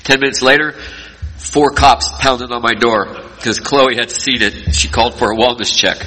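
A middle-aged man giving an earnest personal recovery talk to an audience, telling stories and dropping between loud and quiet. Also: mid-range voice, fairly even intonation, normal speed. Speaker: recovery speaker. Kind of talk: personal testimony speech to an audience. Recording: long reverb from a large hall.

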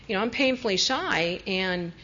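Woman, earnest confessional testimony, medium pitch, dull lo-fi sound. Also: animated, moderate pace. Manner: earnest, confessional, soft-spoken at moments. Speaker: recovery speaker sharing her story. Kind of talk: personal testimony.

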